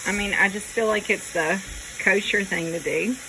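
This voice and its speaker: A woman's voice: medium pitch, moderate pace. A woman, chatting folksily to viewers while she cooks in her home kitchen. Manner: chatty, folksy, jokes with herself. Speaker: home cooking video host. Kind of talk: casual cooking vlog chat. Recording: noisy kitchen with frying sizzle. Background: frying and sizzling food.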